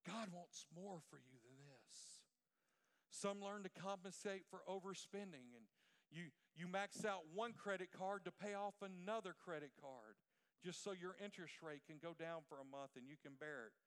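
A man's voice: high-pitched, normal speed, a bit bright, smooth, in a large hall. A middle-aged man preaching a sermon as pastor, asking the congregation questions and waiting for the answer. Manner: preaching with call-and-response questions.

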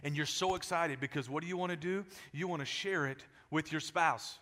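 A high, bright male voice rings out through a large church, with a long hall echo behind it. He is a pastor preaching a lively sermon, joking with his congregation and often repeating words as he gets going. His delivery is animated and playful. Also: a little fast. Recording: echoey hall.

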